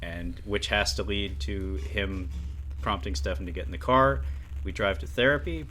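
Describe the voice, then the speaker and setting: A man's voice: sits low, moderate pace, sharp tone, soft background music. A man co-hosting a film review podcast in a chatty way, laughing easily and tossing in sarcastic asides. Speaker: podcast co-host. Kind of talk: casual film review chat.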